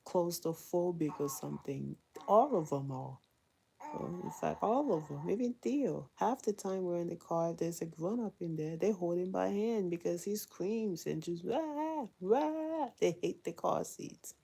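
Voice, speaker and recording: A mother chats candidly on her vlog as she does housework, often laughing. Her low, gravelly voice has a dark, husky tone, and she talks at a normal speed.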